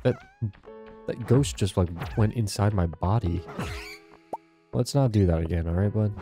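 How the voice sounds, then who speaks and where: A man's voice: fairly low pitch, moderate pace, music in the background. A young man talking casually to his viewers while playing a farming game at home. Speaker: gaming channel host. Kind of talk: casual gameplay commentary. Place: home, indoors.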